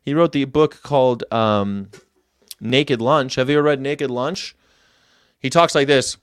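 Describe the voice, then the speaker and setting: A man's voice: medium pitch, measured pace, clear, resonant tone, no room sound, clean studio sound. A man hosting a casual livestream, rambling and chatty as he reacts to viewer comments and tells history tidbits. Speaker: host.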